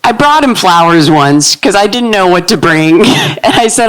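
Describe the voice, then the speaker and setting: Woman in her thirties, stand-up comedian, low manly-sounding voice, deadpan, comedy club stage. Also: moderate pace, rough recording. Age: 30s. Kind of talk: live stand-up set.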